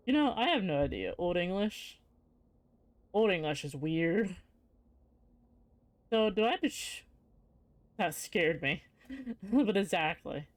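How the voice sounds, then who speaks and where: Streamer, casual game commentary, reads on-screen text aloud, mid pitch, dry close sound. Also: sing-song, slow, pauses often, no room sound.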